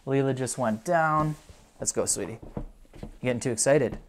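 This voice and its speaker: In a casual vlog, an upbeat dog owner and video host talks through a puppy's treat test in an everyday, mid-pitched voice. Brisk commands to the dog alternate with chatty running commentary, and there's a slight hiss or hum.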